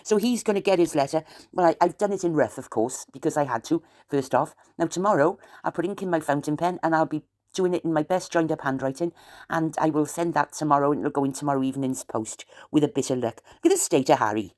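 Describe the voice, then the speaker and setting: Woman, South Welsh accent, deep-pitched, chatty, meandering vlogger. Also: fast talker, a little mellow. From South Wales. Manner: chatty, wandering, aggrieved asides. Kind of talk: rambling late-night chat to camera.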